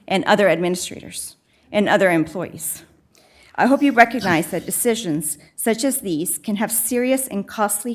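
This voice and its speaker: Woman addressing the board in a firm, critical, deliberate manner. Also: mid-range voice. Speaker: public commenter. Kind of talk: prepared public comment read aloud.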